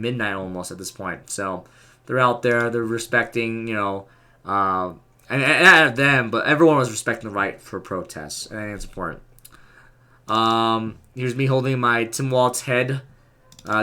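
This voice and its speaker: Man, casual vlog narration, bright tone, excited, rambling, fillers. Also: medium pitch. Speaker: vlogger.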